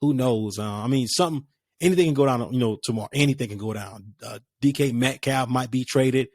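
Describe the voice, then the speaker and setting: A man hosts a casual solo sports podcast, rambling conversationally with many fillers and restarts. His medium-pitched voice moves briskly, and the recording is studio-clean with no room sound.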